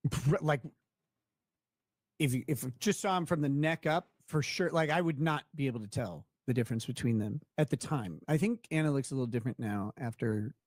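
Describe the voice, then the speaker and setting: A man's voice: mid-range voice, a little mellow, no echo, studio quality. A young man hosting a casual talk show, telling a rambling anecdote with many restarts and laughing at his own tale. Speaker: show host. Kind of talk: casual storytelling chat.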